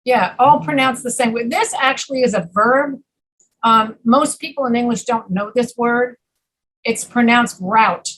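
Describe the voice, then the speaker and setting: A woman with an East Coast American accent leads an online pronunciation lesson. Her voice sits a little high, with a breathy edge. She explains patiently, giving examples over a video call. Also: moderate pace, a bit bright, low-quality recording. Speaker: ESL pronunciation teacher. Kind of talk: online class instruction.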